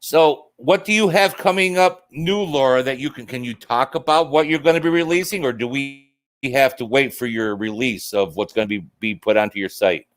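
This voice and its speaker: A man's voice: medium pitch, normal speed. A man hosting a casual livestream, rambling and joking as he answers viewer comments. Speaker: livestream host.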